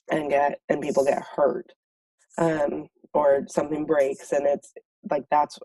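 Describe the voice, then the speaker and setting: A woman with a mellow, warm voice tells stories with exasperated emphasis in a casual group chat. She repeats her points for effect. She is recorded from some distance, and the sound is dry. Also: very deep voice, dry recording. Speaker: parent in a discussion.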